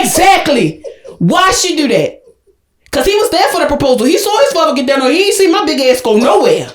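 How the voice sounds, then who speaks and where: A young adult woman co-hosting a podcast, ranting loudly and profanely in an overdramatic comedic tirade. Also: sits high, sing-song, fairly quick. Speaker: podcast co-host. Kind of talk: comedic rant. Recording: roomy echo.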